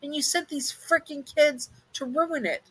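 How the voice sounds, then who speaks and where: A woman voicing a furious, tied-up young man who shouts in outrage. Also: sits high, fairly even intonation, a little slow, voice pushed up, rough recording.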